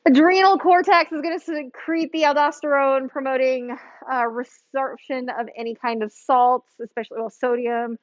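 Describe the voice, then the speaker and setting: A woman's voice: high-pitched, fairly even intonation, normal speed, dry recording, dull audio. A woman lecturing over slides in a casual, chatty way, full of fillers and asides.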